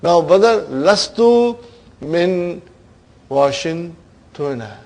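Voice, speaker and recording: A man with a somewhat high voice gives a classroom lecture on Arabic grammar. He keeps addressing the class as "brother" and checks in with "are you with me?" He often tosses in a quick "huh?" as he works through an example. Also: animated, darkish tone. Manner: calls listeners "brother"; interjects "huh?" while explaining.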